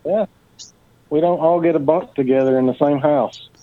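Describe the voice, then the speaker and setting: Teasing male guest, slightly high voice, dull lo-fi line. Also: fairly even intonation, normal speed, over a noisy crowd. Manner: joking, ribbing his friends. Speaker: guest on a call-in show. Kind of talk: teasing casual banter.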